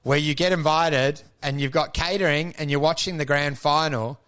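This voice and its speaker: Animated high-voiced man. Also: normal speed, smooth. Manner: animated, swearing, swings into loud put-on voices. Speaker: podcast co-host. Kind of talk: casual podcast chat.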